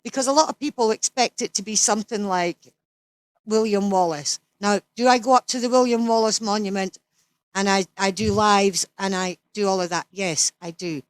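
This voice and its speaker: A woman's voice: mid-range voice, normal speed, no room sound. A Scottish woman in her sixties, an interview guest who talks bluntly and swears freely, as if ranting in casual chat. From Scotland.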